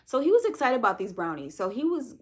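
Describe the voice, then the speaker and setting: A woman giving a casual, chatty book review, animated and opinionated. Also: a little high, fast talker.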